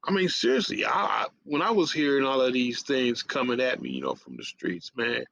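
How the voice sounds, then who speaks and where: A man's voice: mid-range voice, sing-song, brisk, vocal fry, fairly bright tone, no echo. A man hosting a radio show, telling a casual story in profane streetwise slang and tagging lines with "man". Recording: dull lo-fi audio.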